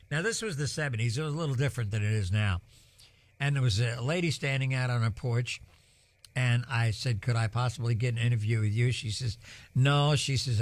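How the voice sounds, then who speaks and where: An older man from spins a long, wandering story on live storm coverage. He fills pauses with plenty of ums and uhs in an easygoing drawl. The sound is dry and close, with no room echo. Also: mid-range voice. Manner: rambling, many ums and uhs, folksy. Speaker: broadcast weather host.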